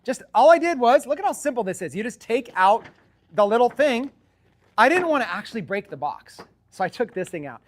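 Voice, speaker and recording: A man coaching viewers on sales scripts in an office, in an energetic, chatty, salesy way. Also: extremely high pitch, fairly quick, noisy background.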